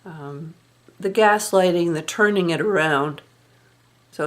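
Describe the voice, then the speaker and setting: A woman's voice: fairly low pitch, slow pace. A woman telling a personal story in a candid, rueful and reflective way, sighing now and then. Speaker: vlogger.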